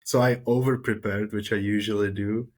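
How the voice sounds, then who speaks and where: A man with a fairly low voice talks as a podcast guest. He sounds plain and matter-of-fact and says "uh" and "you know" often. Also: steady tone, moderate pace, darkish tone. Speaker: podcast guest, new triathlete. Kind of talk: casual podcast chat.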